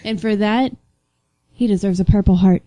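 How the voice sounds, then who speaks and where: A woman's voice: mid-range voice, normal speed, no echo, rough recording. A woman co-hosting a casual podcast chat, telling stories with lots of laughter. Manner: animated, laughing storyteller. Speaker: podcast co-host.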